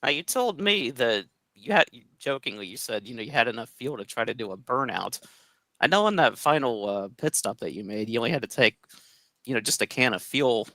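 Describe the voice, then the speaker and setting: Male co-host, animated bright voice, joking and loose. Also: medium pitch, a little fast, poor audio. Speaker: co-host interviewer. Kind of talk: post-race interview.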